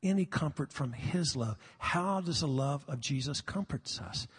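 Husky older man preaching in a hall. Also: fairly high pitch, lively intonation. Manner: earnest, confessional, halting repetitions. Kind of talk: sermon. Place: live sermon in a large hall. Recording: long reverb of a large hall.

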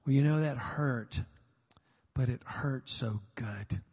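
An older man preaching a sermon, earnest and confessional, sometimes halting on repeated words, recorded live in a large hall. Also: mid-range voice, a little mellow, slightly rough. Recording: long reverb of a large hall.

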